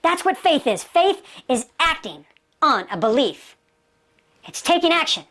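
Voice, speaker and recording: A woman's voice: sits high, sing-song, measured pace, a bit bright. A woman giving a motivational martial arts lecture, emphatic, asking rhetorical questions and repeating key phrases.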